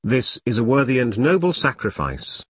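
A man putting on a zealous, bawling lord from a dark storybook, deep and booming as he roars orders at his victims. The sound is close and dry. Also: sing-song, moderate pace, husky, no echo. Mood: menacing. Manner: bawling, fanatical. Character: menacing zealous lord, bellowing cult fanatic.

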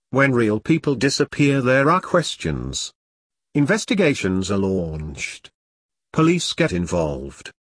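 A raging, pompous leader of a secret order, put on by a man reading a story, barking insults in a husky voice whose pitch swings wildly. The storybook voice sounds close and dry. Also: no echo.

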